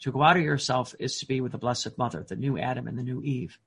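A man preaching a sermon in an earnest, emphatic way, often pausing on fillers and restarting his words. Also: mid-range voice, steady tone, creaky, fairly bright tone, husky.

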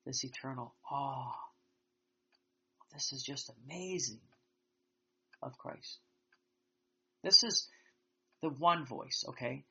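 A man giving an earnest, reflective spiritual talk, slow and halting with many restarts. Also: mid-range voice, sharp tone, husky. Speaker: religious teacher. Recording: dull lo-fi sound.

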